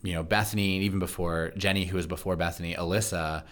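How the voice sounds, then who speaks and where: A man who hosts a church podcast, talking fast and chatty in a casual interview, with frequent laughs. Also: sits low, fairly even intonation, fairly bright tone. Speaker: pastor and podcast host.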